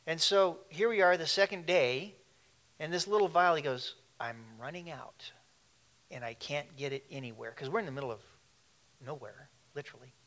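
Man, pastor preaching, animated, laughing asides, fairly high voice. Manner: animated, laughing asides, shifts between loud and hushed. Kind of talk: sermon.

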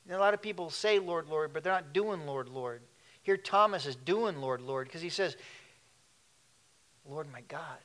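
Man, pastor preaching, animated, laughing asides, fairly high voice. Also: normal speed, long pauses. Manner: animated, laughing asides, shifts between loud and hushed. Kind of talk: sermon.

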